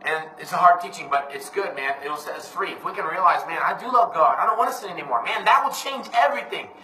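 A man's voice: high voice, animated, fast talker, pushed and bright. A man preaching an informal, emphatic sermon, often calling his listeners "man". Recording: echoey room, voice from a distance.

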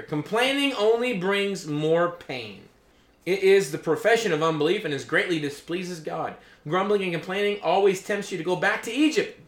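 High-pitched guy preaching, reads verses then riffs on them, keeps asking "okay?", roomy echo. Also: fairly bright tone. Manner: reads scripture aloud, then explains in loose asides; checks in with listeners with "okay?" and "you know?". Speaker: pastor. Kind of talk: sermon. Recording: echoey room.

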